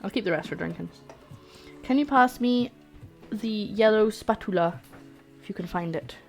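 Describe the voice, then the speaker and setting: A woman's voice: medium pitch, normal speed, soft background music. A young woman hosting a cooking stream, chatting casually and explaining each step as she cooks. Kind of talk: casual chat while cooking.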